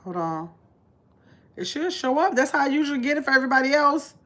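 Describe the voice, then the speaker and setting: A woman's voice: sing-song, fast, bright, forceful tone. Chatty woman hosting a livestream. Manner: chatty, talks to her viewers while muttering to herself; drops to a low mumble while searching her phone. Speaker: livestream host. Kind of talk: casual livestream chat.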